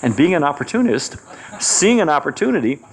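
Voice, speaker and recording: A man speaking at a devotional retreat, telling a personal story in an animated way and acting out the voices of the people in it. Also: fairly high pitch, fairly quick, slight background noise. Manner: animated, acts out quoted voices.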